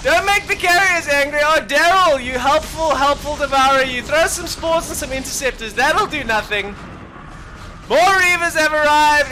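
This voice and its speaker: A man casting a strategy game match alone, excitable and jokey, dropping to mumbled asides and then bursting out loud. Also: very high voice. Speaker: esports caster. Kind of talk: solo game commentary.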